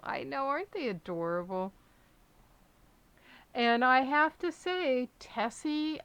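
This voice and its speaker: A woman live streamer chatting casually to her dogs and viewers in a small room at home. She coaxes the dogs and drops to a soft hush when she praises them. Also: medium pitch. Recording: dull lo-fi stream audio.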